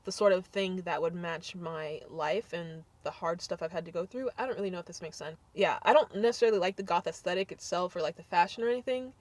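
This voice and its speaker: A young adult woman talking to camera in a casual vlog, blunt and sassy with animated swings of delivery. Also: on the low side, quick pace, hardly any pauses, no echo. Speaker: vlogger.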